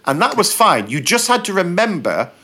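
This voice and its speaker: Comedian guy on a podcast, lively storytelling, does little voices for quotes. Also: normal speed, breathy edge. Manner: animated, acts out quotes with shifting pitch. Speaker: guest comedian and actor. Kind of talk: casual podcast chat, storytelling.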